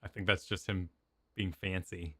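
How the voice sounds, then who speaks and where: A man casually talking through a video game story with his co-host, animated and jokey. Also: low-pitched, moderate pace. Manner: animated, jokey, puts on silly voices for characters. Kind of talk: casual gaming stream chat.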